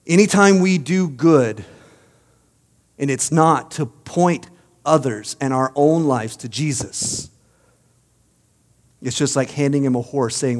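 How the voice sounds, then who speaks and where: A man's voice: medium pitch, takes it slowly, long pauses, long reverb tail. A male pastor preaching a sermon, telling stories and building to emphatic, uplifting peaks.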